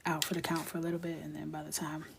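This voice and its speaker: A woman's voice: sits low, monotone, rapid-fire, creaky, noisy background. A young woman chatting casually with viewers as she colors, telling stories, often dropping to a whisper and laughing. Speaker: coloring livestream host. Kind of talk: casual chat while coloring.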